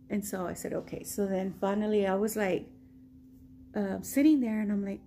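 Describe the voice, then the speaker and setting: A woman's voice: mid-range voice, moderate pace, slight background noise. An American woman vlogging a personal story in a casual way, acting out what people said. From United States. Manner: animated retelling, acting out quoted lines.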